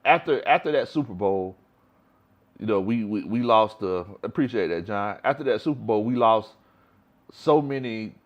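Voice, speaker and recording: A man's voice: lowish voice, expressive, normal speed, lo-fi sound. A man around forty, hosting a casual sports fan livestream and often repeating his words. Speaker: sports show host.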